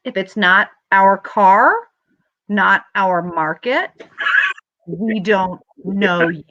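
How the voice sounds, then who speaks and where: Woman host chatting astrology, bright voice, dry kinda dull lo-fi audio. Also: medium pitch, extremely slow. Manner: animated storytelling, acts out quotes in a rising voice. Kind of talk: casual astrology chat.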